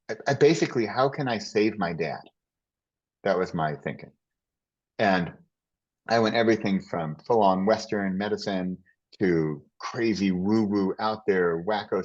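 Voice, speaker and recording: A man as a podcast guest in casual conversation, telling stories in a rambling, animated way with many restarts. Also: on the low side, muffled recording.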